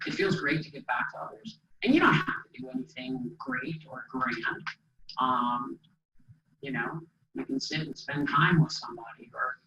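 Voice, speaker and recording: Speaking to a crowd, a middle-aged man gives a motivational talk built around a personal story, chatty, full of fillers, and acting out quotes. His voice is fairly high, and the distant recording has a dull hall echo plus a little hiss or hum.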